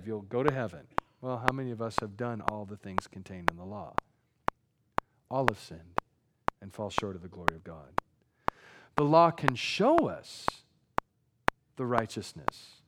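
A middle-aged man preaching a sermon, animated, swinging from quiet reading to loud, folksy asides. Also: mid-range voice. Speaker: pastor. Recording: loud background noise.

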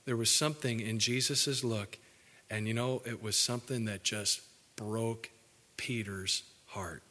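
A male pastor preaching a folksy, joking sermon, dropping low and soft for the solemn points. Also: steady tone, unhurried, long reverb tail.

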